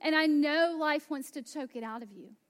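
A woman pastor in her thirties preaching a sermon, slow and emphatic, dropping to hushed asides. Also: high voice.

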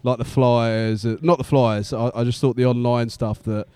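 A man's voice: mid-range voice, fairly even intonation, moderate pace, dark tone, smooth, dry recording. A man, a comedian guest telling a story in casual podcast chat, swearing and laughing through it.

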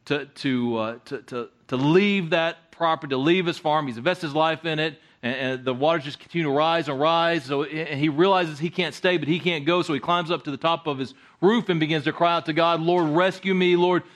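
Guy preaching a sermon, kinda high voice, stumbles and repeats words, chatty. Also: a bit bright. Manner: halting, repeats words, conversational. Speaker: guest preacher.

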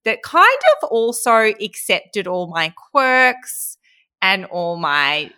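Bright, chatty woman. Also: mid-range voice, big pitch swings, slow pace, smooth. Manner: candid, chatty, laughs often. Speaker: podcast host. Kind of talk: casual chat.

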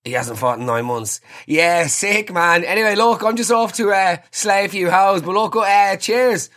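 A man's voice: high voice, normal speed, a bit bright, pitched above the performer's own voice. A man voicing a fake-macho version of himself, an overeager adult bro with strained, overdone bravado. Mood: forced bravado.

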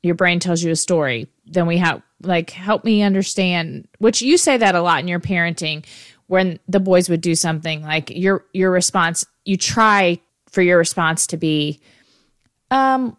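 Chatty woman host, lowish voice. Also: moderate pace, no room sound, clean studio sound. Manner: chatty, hesitant, with lots of "like"s. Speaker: podcast host. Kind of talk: casual podcast conversation.

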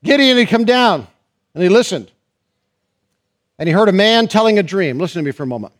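A pastor preaching a sermon and reading scripture, slowing and rising on stressed phrases. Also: male voice, high-pitched, expressive.

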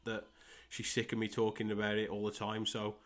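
A low, rather flat-voiced young man from England, West Midlands accent, runs his soccer podcast on his own. As both host and soccer coach, he delivers the monologue haltingly, filling pauses and repeating himself along the way.

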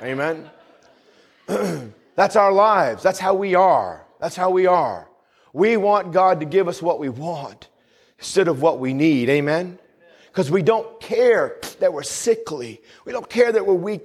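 A man preaching a sermon in a fairly high voice, turning from slow, solemn scripture reading to folksy asides. He presses his points with fervor and keeps checking with the congregation with a questioning "Amen?". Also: breathy edge. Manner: reads scripture aloud in a slow, solemn cadence; folksy asides and chuckling humor. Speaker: pastor.

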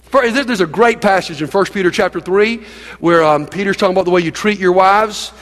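A man's voice: high-pitched, a little fast, a bit bright, big-room sound. A man pastor preaching a sermon in a church, emphatic and folksy, coaxing the congregation to join in. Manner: emphatic, folksy, with laughs and audience prompts.

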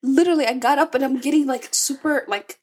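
A mother co-hosting a casual podcast chat, animated as she tells stories and asks questions. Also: high voice, fast. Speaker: podcast co-host.

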